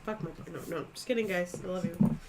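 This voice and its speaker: A woman's voice: lowish voice, quick pace, recorded from a distance. A woman playing a tabletop game, cheeky and playful. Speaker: player. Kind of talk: casual game chat. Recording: noisy home recording.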